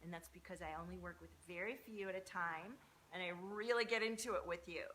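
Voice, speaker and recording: A middle-aged woman hosting a spiritual live stream, chatting warmly with viewers, gushing and swearing freely. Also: fairly quick, slight background noise. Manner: gushing, affectionate, swears freely, swoops up high when excited.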